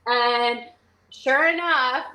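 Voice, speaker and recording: A young woman from North Carolina talks as a guest in a casual interview, her voice bright and a little high. She rambles happily with plenty of "like" and slips into quick impressions of the people in her stories. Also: poor audio. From Charlotte, North Carolina. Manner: chatty, lots of "like", acts out quotes.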